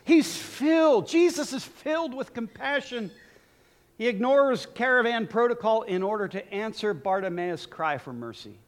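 A man preaching a sermon in an emphatic style, speaking directly to his listeners. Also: high-pitched.

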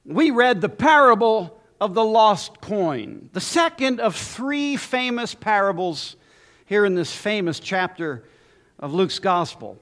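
A man preaching a sermon as pastor, emphatic with dramatic pauses and lists. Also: sits high, sing-song, fairly bright tone.

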